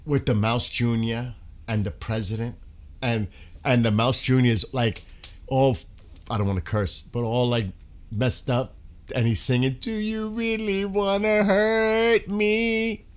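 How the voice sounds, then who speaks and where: Male streamer, mid-pitched, loose, laughing, rambling chat with his audience. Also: steady tone, unhurried. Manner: laughing, rambling, breaks into sung snippets. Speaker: livestream host. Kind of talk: casual live-stream chat.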